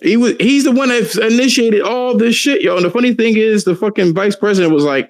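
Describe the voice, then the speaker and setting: A man co-hosting a podcast, chatting casually with profane, animated storytelling and frequent laughter. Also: sits high, fairly quick, few pauses, no room sound. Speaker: podcast co-host. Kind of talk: casual chat.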